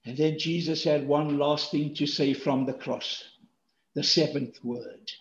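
A male pastor preaching a sermon, swinging from hushed tones to shouts and repeating key phrases for stress. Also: fairly high pitch, fairly even intonation, unhurried, echoey room, lo-fi sound, slight background noise.

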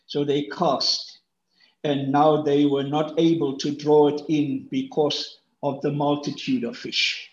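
Slow, high-voiced preacher in an echoey room. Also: male voice. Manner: animated, acts out voices with big pitch jumps. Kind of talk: sermon. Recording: roomy echo, dull lo-fi sound.

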